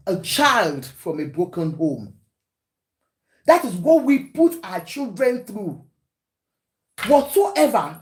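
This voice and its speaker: A Nigerian woman hosting a talk show, giving preachy, emphatic commentary to her panel and often switching into Yoruba. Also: medium pitch.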